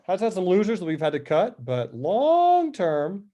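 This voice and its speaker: A man's voice: high-pitched, fast, warm tone, highs cut off. A man hosting a live trading show, going over stock charts with upbeat, chatty commentary and answering viewer questions.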